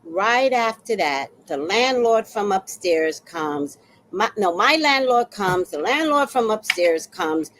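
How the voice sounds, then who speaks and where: A woman's voice: mid-range voice, slow pace, slight background noise, low-quality recording. A woman telling a personal story in a casual monologue, acting out the exchanges she describes. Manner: animated, acts out quoted exchanges.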